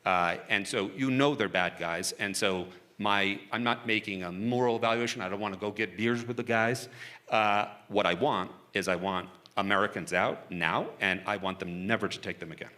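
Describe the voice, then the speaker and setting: Low-voiced guy on a panel, punchy and bright, chats frank and loose with lots of restarts. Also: normal speed. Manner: casual, frank, chuckling, with frequent restarts. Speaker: government hostage negotiator. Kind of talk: onstage panel interview.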